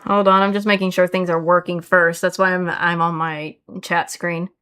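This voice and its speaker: A woman's voice: fairly low pitch, level tone, normal speed, bright, forceful tone, clear, resonant tone. A young woman streaming a game, talking straight to her chat and exclaiming aloud at what goes wrong. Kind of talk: casual live-stream gameplay chat.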